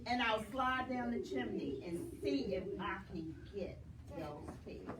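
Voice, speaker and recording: Woman putting on a gruff scheming wolf. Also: mid-range voice, lively intonation, unhurried, voice pushed down, lightly acted. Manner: gruff, scheming storybook villain. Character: hungry scheming big bad male wolf. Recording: echoey room, mic from far off, noisy.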